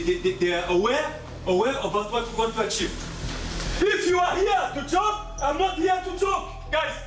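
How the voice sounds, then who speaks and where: A man as a football coach giving a half-time team talk, intense and repeating himself, sometimes shouting. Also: sits high, far from the mic, background noise. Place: changing room. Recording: echoey room from afar, with music.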